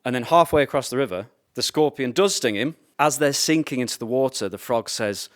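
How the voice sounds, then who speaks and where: A man speaks to a live audience in a lecture. His tone is sardonic, full of wry asides, and he briefly acts out the voices of the people he quotes. His voice sits at an ordinary middle pitch. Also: expressive, normal speed, hardly any pauses. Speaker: speaker at a political school.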